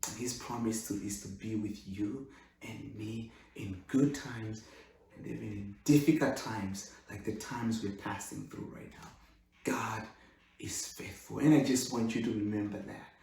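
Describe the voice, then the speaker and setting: A man preaching a sermon as pastor, swinging between loud exclamations and hushed, intimate speech. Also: medium pitch. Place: church sanctuary. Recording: echoey room, far from the mic.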